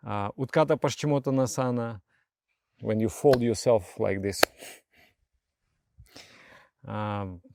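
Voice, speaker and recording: Gravelly, animated male yoga teacher. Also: mid-range voice, no room sound, clean studio sound. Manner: animated, storytelling, with rhetorical questions. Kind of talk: spoken meditation lesson.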